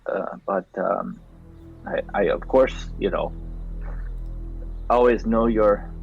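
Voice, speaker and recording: Hesitant low-voiced man, lo-fi sound. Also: steady tone, takes it slowly, creaky, soft background music. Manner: hesitant, full of fillers. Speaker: player. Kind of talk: tabletop game play. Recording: dull, lo-fi sound.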